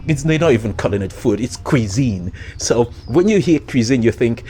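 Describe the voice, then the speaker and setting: A man's voice: mid-range voice, lively intonation, moderate pace, few pauses, dark tone, a little hiss or hum. A man vlogging in a casual, rambling monologue, hesitant with many fillers and restarts and frequent chuckles.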